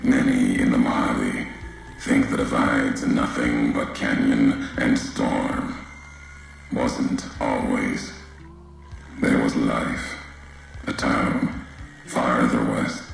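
Grim raspy wasteland courier in a game, super slow clipped lines, real gravelly. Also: male voice, level tone, very echoey, soft background music, heavily acted. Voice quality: raspy, deep. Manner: slow, clipped, terse sentences. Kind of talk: video game voice acting.

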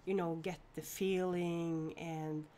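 A woman's voice: fairly low pitch, little pitch movement, slow, mellow. A woman from Norway hosting a casual live stream, chatting and greeting viewers by name with frequent laughs.

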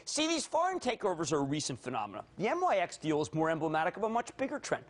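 A man in his fifties with a Philadelphia accent, hosting a high-energy financial TV show, theatrical and given to sudden shouts and quick jokey asides. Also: big pitch swings. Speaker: TV market commentator.

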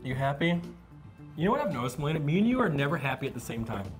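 A man's voice: fairly high pitch, very animated, very fast, over music. An American man in his thirties chatting casually on a dinner date, whiny and nervous but joking. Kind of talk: casual chat.

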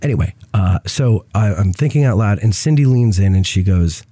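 A man with a fairly low voice and a mellow tone, talking through a head cold that leaves him congested. He hosts a casual chat in a dry-sounding setting and rambles along, restarting sentences and leaning on fillers. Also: animated, normal speed, few pauses, dry recording. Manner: rambling, self-interrupting with many fillers. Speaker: podcast host.

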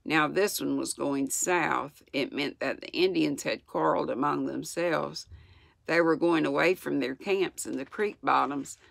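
A woman's voice: deep voice, vocal fry, no room sound. Older Southern woman reading a storybook. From United States. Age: 60s. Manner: gentle, unhurried reading with small slips and asides. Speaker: channel host reading aloud. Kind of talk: storybook read-aloud.

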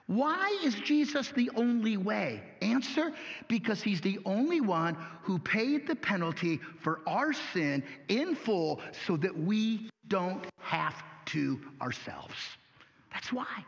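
A man preaching a sermon as pastor, folksy and animated, asking rhetorical questions. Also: high-pitched, slow pace, big-room sound.

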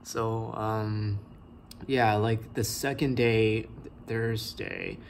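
A young adult man vlogging a personal story, talking in a halting way full of likes and ums. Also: lowish voice, fairly even intonation, creaky, slight background noise.

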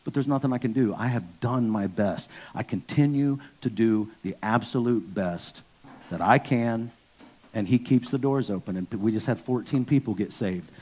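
A man in his fifties preaching a sermon as pastor, candid and storytelling, with sudden loud bursts when acting out stories. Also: medium pitch, moderate pace, breathy edge. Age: 50s.

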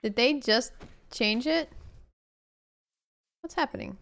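A young woman chats her way through a game stream, her voice sitting a little high for a woman. She keeps a loose, playful patter going, reacting to chat and muttering to herself between moves. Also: animated, unhurried, gravelly, long pauses, fairly bright tone. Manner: chatty, playful, talks to chat while playing. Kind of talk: casual gameplay commentary.

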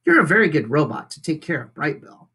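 A teacher reading aloud and voicing a shy young male beaver who speaks quietly and hesitantly. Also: medium pitch, sing-song, a little fast, creaky, breathy edge, full character voice.

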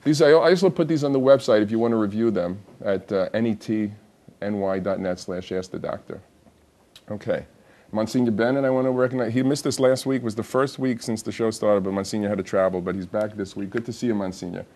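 A man's voice: fairly low pitch, steady tone, fast talker, darkish tone. A man hosting a TV health show, talking casually and chatting to viewers. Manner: chatty, laughs through his own joke. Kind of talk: casual TV talk.

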